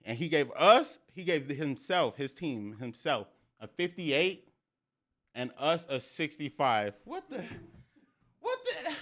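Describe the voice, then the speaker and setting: A young man hosting a sports podcast, talking in an excited, slangy way and repeating phrases for emphasis. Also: fairly high pitch, slow pace. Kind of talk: excited casual sports talk.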